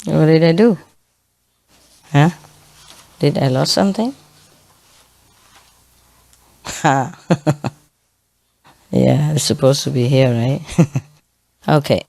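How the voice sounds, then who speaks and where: A woman's voice: deep voice, takes it slowly, gravelly, pauses often, dark tone. A woman preacher telling jokes to her congregation, often laughing at her own punchlines. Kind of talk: humorous talk to a congregation. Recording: noisy recording.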